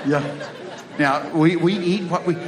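A man's voice: on the high side, unhurried, a crowd in the background. A middle-aged man with a Texas accent, preaching in a folksy, joking way full of homespun stories. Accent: Texan. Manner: folksy, joking, drawling Southern phrasing. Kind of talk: folksy sermon with storytelling.

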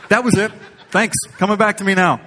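A man preaches a sermon in a loose, conversational way and drifts into funny stories. His voice sits fairly high for a man. He mixes earnest teaching with jokes. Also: steady tone, brisk, bright, forceful tone. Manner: conversational, humorous, rambling storyteller.

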